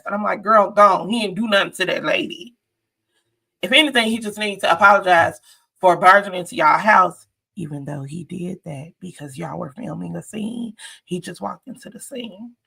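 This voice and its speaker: A woman's voice: fairly low pitch, creaky, sharp tone. A woman giving a chatty, sassy live-stream recap of a reality show, talking straight to her viewers.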